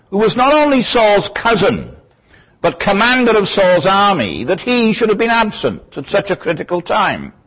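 Male Bible teacher, husky and animated, digressive lecturing style, dull lo-fi recording. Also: high-pitched. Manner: thoughtful, digressive, lecturing with asides.

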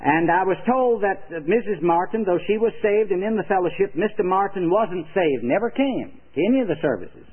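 An older male preacher with a high voice gives an earnest, emphatic evangelistic sermon and tells stories as he goes. The sound is thin and phone-like, like an old radio broadcast. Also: animated, a little fast, few pauses.

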